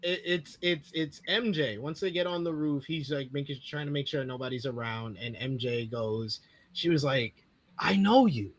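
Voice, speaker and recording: A man co-hosting a casual movie review chat, excitedly retelling scenes and acting out quotes. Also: medium pitch, normal speed. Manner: excitable storyteller, acts out quotes. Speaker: podcast co-host.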